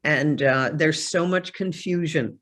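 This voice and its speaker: A woman physician and author being interviewed, talking in a measured, affirming, unhurried way. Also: low voice, fairly bright tone. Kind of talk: conversational interview.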